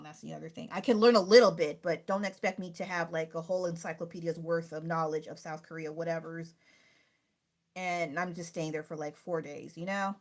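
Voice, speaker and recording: A woman chatting casually and rambling with restarts while streaming her art. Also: fairly low pitch. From United States. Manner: chatty, rambling, self-interrupting.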